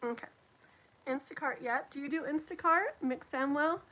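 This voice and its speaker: A woman's voice: sits high, moderate pace, fairly bright tone, rough recording. A middle-aged woman, chatting casually and rambling with lots of fillers as she does a live tarot stream.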